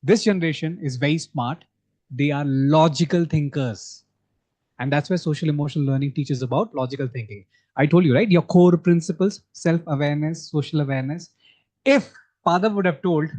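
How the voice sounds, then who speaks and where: A man's voice: fairly high pitch, brisk, a little mellow. A man giving a workshop talk to educators, asking the audience questions as he goes. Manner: engaging, asks the audience questions. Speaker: workshop speaker. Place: conference hall.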